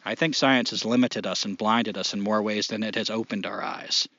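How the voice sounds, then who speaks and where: Emphatic man, slow and dry-sounding. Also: fairly low pitch, steady tone, vocal fry, fairly bright tone, no echo, lo-fi sound. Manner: emphatic, swears, slow deliberate pauses. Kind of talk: casual conversation.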